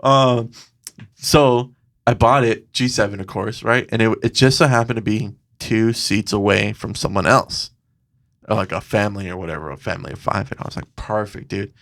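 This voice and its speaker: A man's voice: lowish voice, moderate pace, vocal fry, a bit bright. A man co-hosting a podcast, telling a story in casual chat, swearing a lot and acting out the voices of the people in it. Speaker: podcast co-host.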